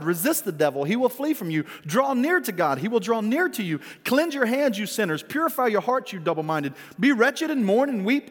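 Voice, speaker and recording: Pastor guy preaching, kinda high voice, chuckles a lot, big echoey hall sound. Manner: earnest preaching with frequent chuckles. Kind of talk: sermon.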